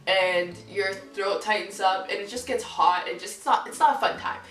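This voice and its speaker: A woman's voice: medium pitch, normal speed. Young woman vlogging in an echoey room. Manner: candid, lively, swears freely, acts out quoted people. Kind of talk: casual storytelling to camera. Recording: roomy echo, voice from far off mic, faint music.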